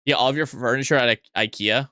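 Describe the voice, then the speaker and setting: A man's voice: mid-range voice, sharp tone, clear, resonant tone, no room sound, clean studio sound. Chatty, swearing young man streaming. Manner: chatty, swears freely, quick asides and restarts. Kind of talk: casual live-stream chat, reading chat aloud.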